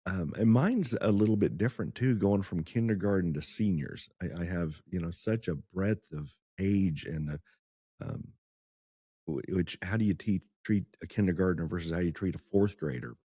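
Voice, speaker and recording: Podcast guest, man in his 60s, deep and husky, dry close sound, chatty storyteller. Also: moderate pace, mellow, no room sound. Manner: chatty storyteller who laughs often. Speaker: guest, music teacher and former attorney. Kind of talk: casual podcast conversation.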